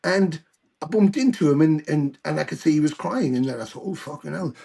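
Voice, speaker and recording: A British man in his older years, a guest musician telling stories in a casual interview, animated and swearing freely. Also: a little high, a little fast, creaky, breathy edge. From United Kingdom.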